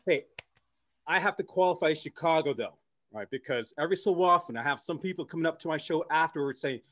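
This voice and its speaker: A Canadian man performing a stand-up comedy set, animated and slipping into character voices. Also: fairly high pitch, a little fast. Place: comedy club stage with audience.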